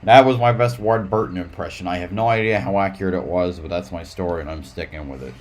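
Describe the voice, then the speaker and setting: A man's voice: low-pitched, fast, slight background noise. A man live-streaming casual race commentary in a rambling way, with frequent restarts.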